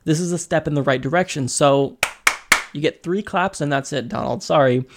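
A man hosting a podcast, giving casual political commentary in an animated, sarcastic way, with quick asides. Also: a little high, background noise. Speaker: podcast host.

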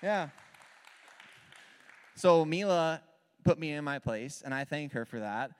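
A man in his thirties, a worship leader telling a candid, animated personal story as part of a sermon. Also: on the high side, slow, clean tone, a faint crowd. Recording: long hall reverb.

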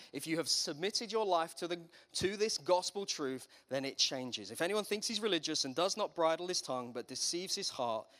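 A man's voice: on the high side, fairly bright tone. A man preaching a sermon as pastor, in a conversational way with humorous asides.

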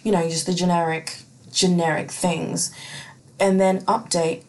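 A woman hosts her own podcast in a relaxed, conversational way. Her voice sits on the lower side, and she swears casually and laughs between thoughts. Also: measured pace. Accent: non-American accent. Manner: chatty, profane, laughs often, reads listener questions aloud. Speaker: podcast host. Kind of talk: casual solo podcast chat.

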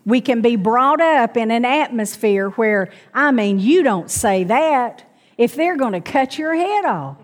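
Middle-aged woman preacher, slightly high voice, slow and deliberate, calls on the congregation, church reverb. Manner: calls out to the congregation, asks for amens. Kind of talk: sermon.

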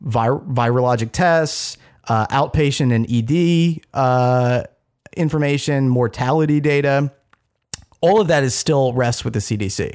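A man's voice: medium pitch, unhurried, a little mellow. A man co-hosting a casual talk podcast, explaining a news story with frequent fillers, restarts and wry asides. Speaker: podcast co-host. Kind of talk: casual chat.

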